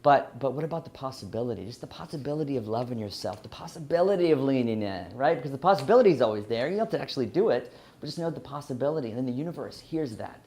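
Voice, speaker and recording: A Louisiana man with a light Southern twang speaks to an audience about his own life. He is earnest, restarts his sentences often and laughs at himself, his voice sitting at an ordinary middle pitch. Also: animated, racing, few pauses, a little mellow. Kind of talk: personal story talk.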